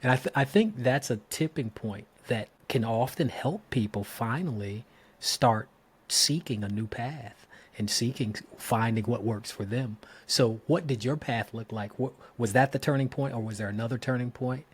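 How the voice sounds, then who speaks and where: A man's voice: medium pitch, moderate pace, slightly rough. A man hosting a podcast interview, affirming his guest and asking open, rambling questions in a casual way. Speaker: podcast host.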